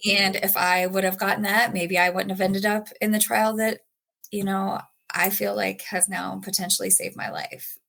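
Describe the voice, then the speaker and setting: A woman's voice: mid-range voice, flat delivery, normal speed, vocal fry, fairly bright tone. Woman guest, earnest and heartfelt, mid-range voice, conversational podcast storyteller. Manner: earnest, emotional, with frequent fillers. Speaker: patient guest. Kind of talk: personal story in a podcast interview.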